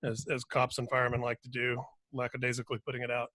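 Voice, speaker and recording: A man's voice: mid-range voice, completely flat delivery, quick pace, bright, forceful tone, no echo. A man speaking as a guest on a casual panel discussion, rambling and thoughtful, trailing off and restarting.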